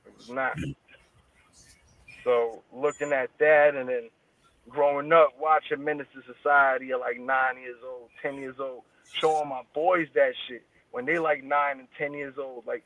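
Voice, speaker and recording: A man's voice: mid-range voice, steady tone, measured pace, fairly bright tone, no room sound. A man as an interview guest, talking in casual street slang with heavy swearing. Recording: tinny phone-like line, dry.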